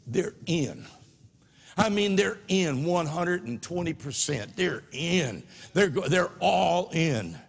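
A man preaching a sermon, impassioned, swinging from soft asides to shouts. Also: high-pitched. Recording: long reverb of a large hall.

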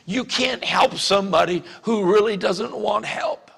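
A man with a Louisiana accent preaching a sermon as pastor, talking conversationally with many restarts and rising to shouts. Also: high voice, measured pace, vocal fry, slightly rough, big-room sound.

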